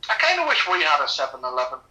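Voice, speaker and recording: A man's voice: a little high, wildly swooping pitch, racing, pushed and bright, poor audio. A man co-hosting a casual film commentary podcast, talking in an easygoing, agreeable way. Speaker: podcast co-host.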